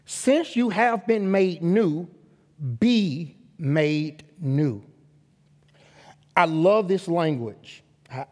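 A man preaching a sermon as a guest pastor, emphatic and calling for responses from the congregation, rising to loud exhortation. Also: a little high. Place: church sanctuary. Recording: long reverb of a large hall.

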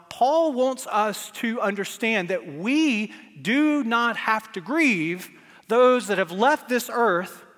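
An earnest male pastor preaching with a fairly high voice. He swings from loud emphasis to hushed, soft passages, and his words ring out with the long reverb of a big hall. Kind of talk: sermon.

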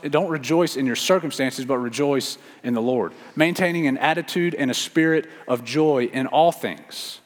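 A man's voice: medium pitch, normal speed, hardly any pauses. Man preaching in an echoing hall. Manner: earnest, repeats key phrases for emphasis. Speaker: pastor. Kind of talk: sermon. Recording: long reverb of a church hall.

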